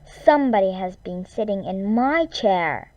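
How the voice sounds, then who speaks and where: A woman's voice: medium pitch, expressive, a little slow, mellow, natural voice, low-quality recording. A woman voicing a cross, grumbling mama bear in a storybook reading. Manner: grumbling, declaring.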